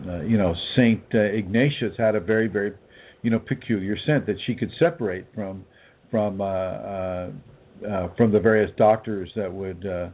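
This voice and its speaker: A man, a spiritual teacher, answering listener questions on a broadcast in a halting way with many fillers and restarts. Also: fairly low pitch. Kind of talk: casual radio broadcast talk. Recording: tinny phone line.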